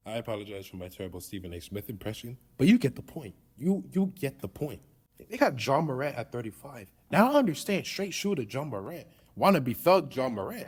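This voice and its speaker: A man's voice: medium pitch, sing-song, fairly quick, husky. A man hosting a podcast in casual sports talk, emphatic and opinionated, often repeating his points. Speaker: podcast host.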